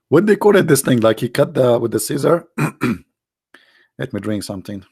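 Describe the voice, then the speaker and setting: A man's voice: mid-range voice, creaky, darkish tone, breathy edge, no room sound, clean studio sound. A man with an Arabic accent hosting his channel, giving sarcastic, mocking commentary with rambling asides. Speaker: channel host. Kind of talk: mocking religious commentary stream.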